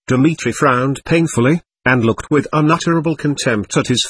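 Guy reading a novel aloud, husky and expressive, dry room. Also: mid-range voice, normal speed, hardly any pauses, no room sound. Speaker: audiobook reader. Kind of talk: scripted narration.

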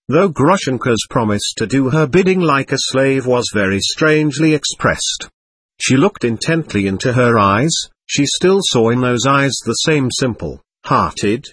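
A man narrating a classic novel as an audiobook, measured and expressive. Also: medium pitch, slightly rough, no echo. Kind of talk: scripted literary narration.

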